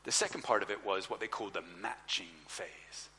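A male preacher tells a personal story from the stage, jumping into lively voices for the people in it. His tone is bright and forward, and the sound rings with the long reverb of a large hall. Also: fairly low pitch, normal speed, a little hiss or hum. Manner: animated storyteller, acts out dialogue. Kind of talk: sermon storytelling.

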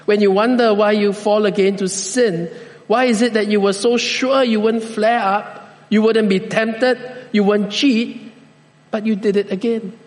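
A man preaching a sermon as pastor, speaking slowly and deliberately with measured pauses. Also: sits high, steady tone, big-room sound.

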